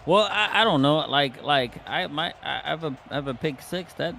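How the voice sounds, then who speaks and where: A man's voice: on the high side, normal speed, vocal fry, sharp tone, slight background noise. A man giving sports color commentary in a loose, rambling way, talking through his thoughts. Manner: rambling, full of fillers and restarts. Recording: music bed behind the voice. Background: background music.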